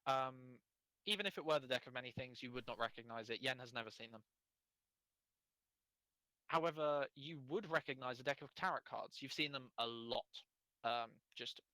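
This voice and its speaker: Man narrating as game master, bright tone. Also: medium pitch, no room sound, rough recording. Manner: quick, descriptive narration with fillers.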